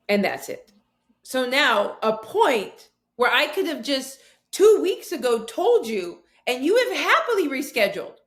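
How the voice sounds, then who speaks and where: Animated woman guest telling a story. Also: high voice, measured pace. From southwestern United States, near the Mexican border. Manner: animated, acts out both sides of a story. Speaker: guest, author and speaker. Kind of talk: conversational interview storytelling.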